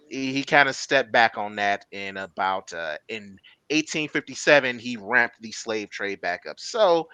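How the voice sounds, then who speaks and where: A male podcast host talks in a casual, slangy way that swings up and down with lively energy. His voice is bright and forward. The sound is dry and close, with no room around it. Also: medium pitch, dry recording. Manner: animated, slangy, gives historical context. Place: home setup, live-streamed podcast.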